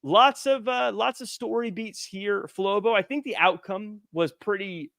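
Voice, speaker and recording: A male podcast co-host talks through a match in a casual, animated way, with quick laughs along the way. His voice is bright and pitched a touch high for a man. The sound is dry and close, with no room around it. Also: gravelly, no echo. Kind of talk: casual chat.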